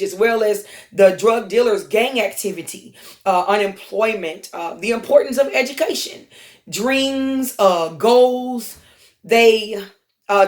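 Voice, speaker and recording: A woman hosting a podcast, retelling a TV episode in a casual, conversational way with frequent ums and uhs. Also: medium pitch. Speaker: podcast host. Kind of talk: casual storytelling monologue.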